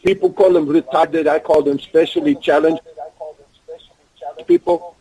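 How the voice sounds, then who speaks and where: Gravelly older man, broken Russian-accented English. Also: a little high, big pitch swings, measured pace, mellow, rough recording. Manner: broken English, refers to himself in third person. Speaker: guest, pro wrestler. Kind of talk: casual interview talk.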